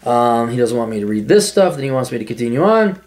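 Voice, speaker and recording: A man's voice: mid-range voice, big pitch swings, quick pace, a little mellow. A man hosting his own show, reading out listener comments and answering them in a sarcastic, rambling, self-mocking way. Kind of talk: casual solo commentary.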